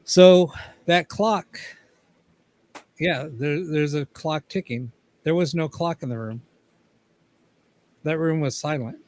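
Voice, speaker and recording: A man's voice: a little high, measured pace, pauses often. Man swearing casually through a story. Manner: swears casually, acts out quoted dialogue. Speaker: guest paranormal investigator. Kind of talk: casual anecdote telling.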